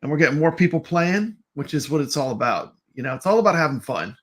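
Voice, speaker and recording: A man's voice: on the high side, big pitch swings, fast, a bit bright. A man co-hosting a live stream, chatting casually and greeting viewers by name in an upbeat way. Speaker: co-host of a live stream show.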